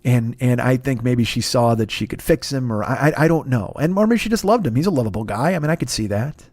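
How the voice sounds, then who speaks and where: A man's voice: medium pitch, lively intonation, fast talker, darkish tone, dry recording, clean studio sound. A man, hosting a comedy podcast with a profane, rambling, self-mocking storytelling monologue full of restarts. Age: 50s.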